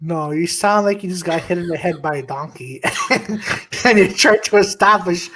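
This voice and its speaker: In casual live-stream chat, a podcast co-host with a high-sitting voice talks at a moderate pace over a slight hiss or hum. His rambling tale is packed with swearing and restarts, and he interrupts it to shout out viewers.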